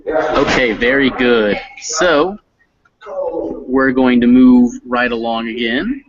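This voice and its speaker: Male tutor, patient pronunciation coach, slow delivery, muffled video-call sound. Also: mid-range voice, a crowd in the background. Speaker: teacher. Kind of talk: online reading lesson.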